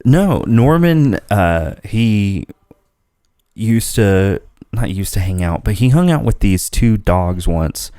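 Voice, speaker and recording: A man's voice: lowish voice, very animated, slow pace, warm tone, no room sound, studio quality. A man hosting a casual podcast, telling rambling stories and laughing often. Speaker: podcast host. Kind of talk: casual chat.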